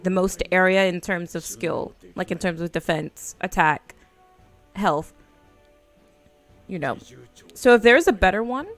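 A woman in her twenties giving casual, slangy commentary while streaming a game, chatty and quick to laugh. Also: mid-range voice, fairly bright tone. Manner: laid-back, chatty, slangy, laughs often.

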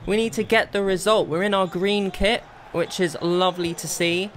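A young man commentating his own football video game, bursting into exasperated shouts and then settling into calm planning. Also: high-pitched, normal speed. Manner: excitable, swings between exasperated outbursts and calm planning. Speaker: gaming video creator. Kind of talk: live gameplay commentary.

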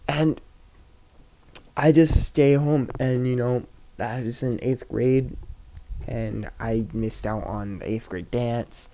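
A man with a mellow, warm voice tells a story to the camera in a loose, rambling way. He swears freely and restarts his sentences often. The recording is a bit dull and lo-fi, like a home setup. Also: medium pitch, fairly even intonation, takes it slowly. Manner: rambling, profane, many restarts and fillers. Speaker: YouTube storyteller. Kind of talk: casual storytime vlog.

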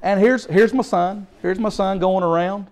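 Middle-aged man, animated storytelling preacher, repeats for emphasis, high pitch. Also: normal speed. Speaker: guest preacher. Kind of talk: storytelling sermon.

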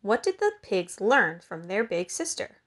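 A woman teacher giving a recorded lesson to schoolchildren and reading a story aloud in a clear, patient way. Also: medium pitch, sing-song, unhurried, a bit bright.

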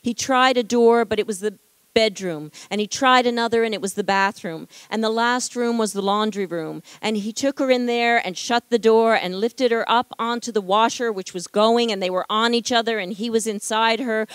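A woman's voice: on the high side, smooth, no echo. Woman giving a dry-miked novel reading. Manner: measured, expressive reading voice. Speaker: author reading from her novel. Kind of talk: literary reading. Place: library atrium event.

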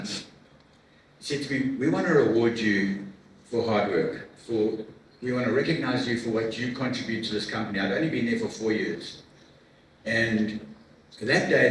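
Middle-aged man testifying in an echoey hall. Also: mid-range voice. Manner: earnest, emotional, halting with repeats and fillers. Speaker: guest speaker at a men's breakfast. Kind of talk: personal testimony talk. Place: large room at a church men's event. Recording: echoey hall from far off with faint noise.

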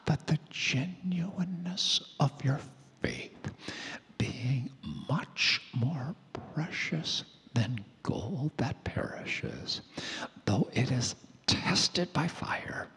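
A man preaching a sermon in a hoarse, breathy near-whisper, slow and emphatic, stretching out key words. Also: on the high side, expressive, fairly bright tone. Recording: long hall reverb.

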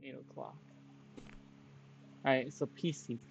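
A streamer giving casual gameplay commentary in a rambling, offhand way, as if chatting to himself. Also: male voice, medium pitch, huge pitch swings, a little slow, creaky, faint music behind. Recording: dull lo-fi audio.

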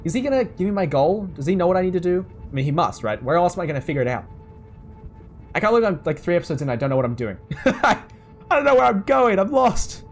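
A young English man giving excitable let's-play commentary, laughing and yelling at the game. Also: high voice, fast, soft background music. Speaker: gamer.

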